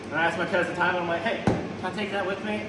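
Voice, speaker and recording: A man's voice: sits high, fairly even intonation, fast. A man hosting a casual shop vlog, joking as he works in a garage. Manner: laid-back, joking, talks while working. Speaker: host, car builder. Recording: echoey shop, from far off, noisy.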